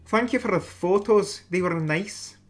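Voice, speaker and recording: Brief: hesitant young woman read by a man, lifted pitch, soft delivery. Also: unhurried, soft background music.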